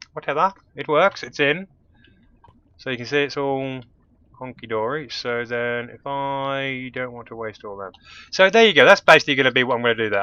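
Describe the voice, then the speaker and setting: A man's voice: mid-range voice, sharp tone, highs cut off. A man casually commentating his own gameplay, thinking aloud and muttering as he works things out. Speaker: let's play host.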